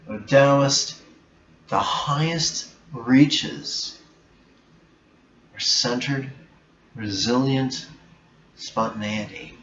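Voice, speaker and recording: A man speaking very slowly and deliberately at a middle pitch, giving a reflective meditation talk with blunt emphasis. The room echoes around him, and the sound is dull and slightly muffled, with a faint hiss underneath. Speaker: meditation teacher.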